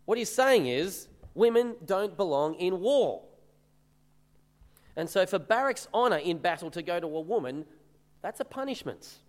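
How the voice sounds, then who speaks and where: A man's voice: high-pitched, expressive, normal speed, long reverb tail. A man preaching a sermon, reading verses aloud and explaining them in an earnest, emphatic way.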